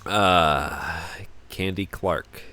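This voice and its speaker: A man's voice: low voice, drawn-out words, pushed and bright. A young man hosting a casual solo podcast, rambling and often repeating words as he starts sentences. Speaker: podcast host.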